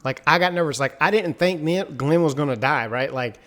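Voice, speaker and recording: Hyped up guy recapping an episode, animated, gets loud when it gets tense. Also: on the high side, fairly quick. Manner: excitable, animated storytelling. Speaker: podcast co-host. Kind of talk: casual recap chat.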